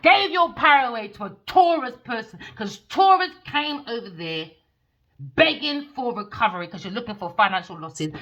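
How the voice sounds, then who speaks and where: A woman's voice: a little high, sing-song, moderate pace, pushed and bright. A woman giving a blunt, profane tarot reading, talking straight at her listeners. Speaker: tarot reader.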